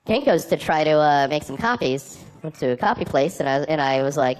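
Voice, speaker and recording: A man doing a stand-up comedy set, rambling in a halting, deadpan way with many fillers. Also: on the high side, smooth.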